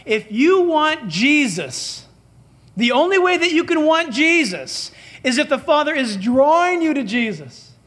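A man's voice: extremely high pitch, very animated, unhurried, fairly bright tone. A man preaching a sermon as pastor, emphatic and dramatic, acting out the dialogue he quotes.

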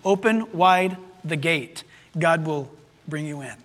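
A man's voice: fairly high pitch, takes it slowly, fairly bright tone. A male pastor preaching a sermon, emphatic and full of rhetorical questions to his congregation. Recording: long hall reverb.

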